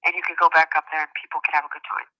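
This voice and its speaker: A woman caller on a phone-in show, telling a long rambling personal anecdote in a casual, animated way. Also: deep voice, rapid-fire, no echo, rough recording.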